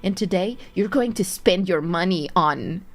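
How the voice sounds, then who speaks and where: A woman's voice: expressive, a little slow. A woman putting on a bossy, cool-headed dominatrix. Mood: commanding. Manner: low, bossy, dismissive. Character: bossy female money dominatrix, cool and commanding.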